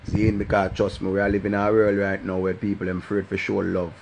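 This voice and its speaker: Animated Jamaican man ranting on a live stream. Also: low voice, quick pace, vocal fry, a little hiss or hum. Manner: animated patois talk with a sing-song repeated catchphrase. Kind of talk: casual live-stream rant.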